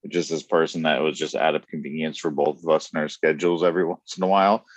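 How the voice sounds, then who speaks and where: A man's voice: very deep voice, fairly even intonation, fast, dry recording, lo-fi sound. A man telling blunt, profane stories with frequent laughs in a casual podcast chat. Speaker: podcast guest.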